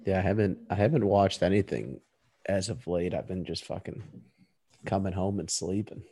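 A laid-back man joins the banter with a low, mellow voice that still rises and falls freely. His sound is dry and close. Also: moderate pace, husky, no room sound. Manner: laid-back, chimes in with short agreements. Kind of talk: casual comedic chat.

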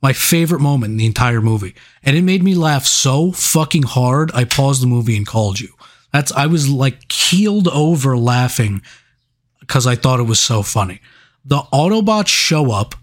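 A man's voice: medium pitch, normal speed. A man co-hosting a casual movie review chat, telling stories with lots of laughter and swearing. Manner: laughing, profane, animated storytelling. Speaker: podcast co-host.

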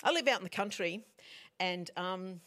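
A woman's voice: lowish voice, moderate pace. A middle-aged woman preaching a sermon in a conversational way, often putting questions to her congregation. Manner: animated, conversational, asks the audience questions.

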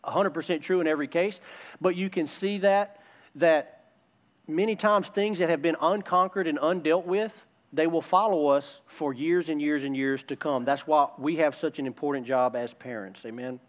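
High-pitched male pastor, emphatic sermon, repeats key lines. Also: normal speed.

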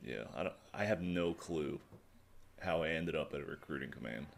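Deep-voiced sardonic man, lively delivery. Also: normal speed, gravelly. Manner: sardonic, dry jokes, blunt. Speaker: podcast co-host. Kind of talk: casual chat.

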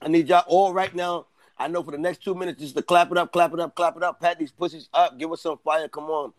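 A man's voice: a little high, steady tone, quick pace, dry recording. A man co-hosting a live roast stream, talking in brash, crude, teasing hype banter.

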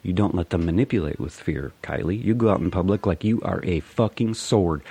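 A man's voice: low voice, brisk, creaky, few pauses, warm tone, slightly rough, dry recording. A man delivering a profane, rambling, sarcastic political rant. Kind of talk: ranting political monologue.

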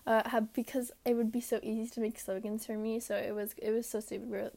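A woman's voice: fairly high pitch, flat delivery, fast talker, vocal fry, warm tone. A young woman hosting her own podcast alone, rambling casually and mocking herself with lots of fillers. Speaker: podcast host. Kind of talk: casual solo podcast chat. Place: her room.

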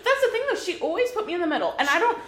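A woman's voice: very high voice, rapid-fire. Foul-mouthed young woman telling a story. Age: 20s. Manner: swears constantly, animated retelling. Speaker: podcast co-host. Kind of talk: casual storytelling chat. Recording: echoey room with faint noise.

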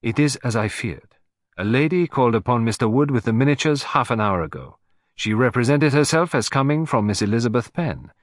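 A man voicing a fussy, precise Belgian detective who speaks in a measured, lightly ironic way. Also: medium pitch, animated, dry recording, clean studio sound, lightly acted.

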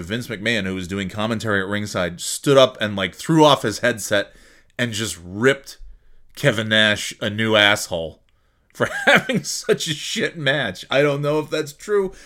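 A man's voice: fairly low pitch, fairly bright tone. A man hosting a solo podcast from home, chatting casually in a rambling, jokey, self-mocking way. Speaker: podcast host.

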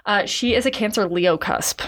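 A woman's voice: medium pitch, normal speed, fairly bright tone, slight background noise. A woman co-hosting a podcast, telling a history story in casual, profane chat and laughing often.

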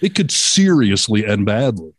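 A man's voice: fairly low pitch, big pitch swings, normal speed, husky, dry recording, studio quality. A man, hosting a casual chat, joking and acting out voices. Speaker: podcast host.

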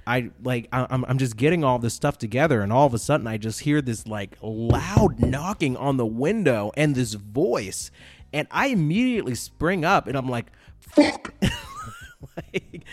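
A man hosting a podcast, telling a casual story in a rambling, animated way, full of fillers and checks like "all right?". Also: medium pitch. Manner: animated, exaggerated retelling. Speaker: podcast host.

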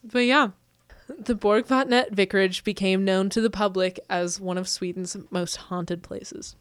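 A woman co-hosting a podcast, chatting casually and piling on fillers as she tells a story. She sits at a middle pitch for a woman. The room gives almost no echo. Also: steady tone, a little slow, smooth, clean studio sound. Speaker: podcast co-host. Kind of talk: casual chat.

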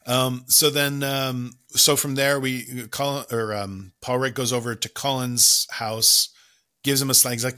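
A man co-hosting a casual film analysis podcast, talking enthusiastically and acting out quoted lines in quick bursts. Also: medium pitch, fairly even intonation, bright, forceful tone. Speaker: podcast co-host.

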